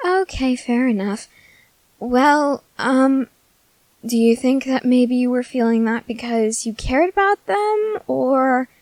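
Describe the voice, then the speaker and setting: A woman's voice: sits high, takes it slowly, darkish tone, dry recording. A woman voicing a food-obsessed teenage soldier girl in an ASMR audio drama, whiny and melodramatic. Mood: chatty. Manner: whiny, melodramatic, easily sidetracked.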